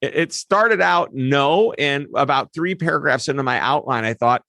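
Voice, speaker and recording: Man, interview guest, animated explainer, quick asides, mid pitch, dry close sound. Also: no echo. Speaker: customer service expert guest. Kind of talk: interview answers.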